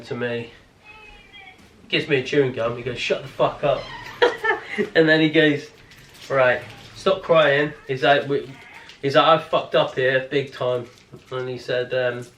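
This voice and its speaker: A man telling a long story in a casual family vlog, rambling and animated, swearing often and restarting his sentences. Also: medium pitch, slight background noise. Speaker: family vlogger. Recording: roomy, distant-mic home recording.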